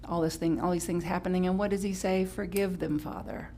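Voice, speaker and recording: A woman pastor preaching a Sunday sermon in a chatty, playful way, breaking into sudden high exclamations and correcting herself as she goes. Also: steady tone, fast talker, warm tone, faint music behind. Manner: chatty, with restarts and self-correction. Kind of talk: live-streamed Sunday sermon.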